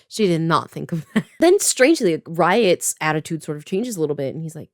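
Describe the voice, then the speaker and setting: Chatty woman in her twenties from Canada, lower voice with lively swings, close dry sound, sarcastic recap. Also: normal speed, no room sound. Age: 20s. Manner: chatty, filler-heavy, sarcastic asides. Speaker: writer and video creator. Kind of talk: casual plot recap to camera.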